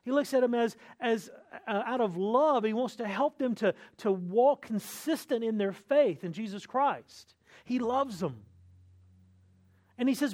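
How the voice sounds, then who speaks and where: A man's voice: very high voice, normal speed, darkish tone. Earnest man preaching an expository sermon. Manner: earnest, emphatic preaching with repeated phrases. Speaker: pastor.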